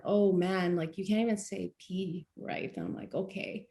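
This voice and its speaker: A young woman from Palestine talks in a casual conversation in her speech. She tells her stories with animation and laughs often. Her voice sits at an ordinary middle pitch. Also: expressive, moderate pace, creaky, dark tone. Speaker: guest speaker. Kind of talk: casual chat.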